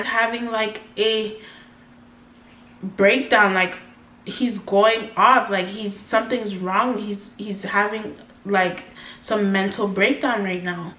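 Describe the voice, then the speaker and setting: A woman's voice: mid-range voice, steady tone, slow, bright, forceful tone. A woman in her twenties from Canada, telling a personal story in a chatty vlog style and acting out her own side of conversations, with a lot of "like". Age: 20s. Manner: chatty, heavy use of "like", quotes herself in dialogue. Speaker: vlogger. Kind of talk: casual storytime narration. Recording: echoey room, faint background noise.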